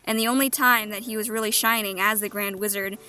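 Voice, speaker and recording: A woman's voice: medium pitch, steady tone, quick pace, sharp tone, a little hiss or hum. A woman co-hosting a movie review in casual chat, with dry, sarcastic remarks.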